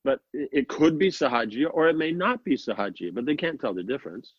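A man's voice: on the high side, big pitch swings, brisk, slightly rough, dry recording. Man, spiritual teacher, loose talk full of fillers, muffled close sound. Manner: rambling, many fillers and restarts, quotes others in mock voices. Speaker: sannyasi teacher. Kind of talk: informal spiritual discourse.

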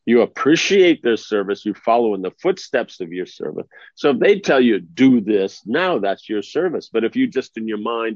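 A man's voice: lowish voice, sing-song, normal speed, hardly any pauses, a little mellow, no room sound. A man giving an informal spiritual discourse in a conversational way, often checking that his listeners follow him. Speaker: spiritual teacher. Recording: dry, slightly dull lo-fi recording.

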